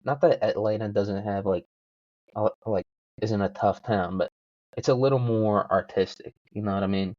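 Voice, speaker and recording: A man's voice: lowish voice, fairly even intonation, normal speed, a little mellow, no room sound, highs cut off. A young man hosting a solo podcast, rambling casually with lots of swearing and self-mocking jokes. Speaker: podcast host.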